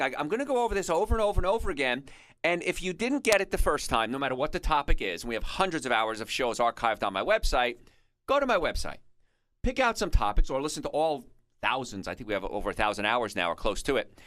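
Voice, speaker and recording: Male radio health host, animated pitch and bright tone, chatty explainer with storytelling asides, dry studio mic. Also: dry recording. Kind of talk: conversational radio health talk.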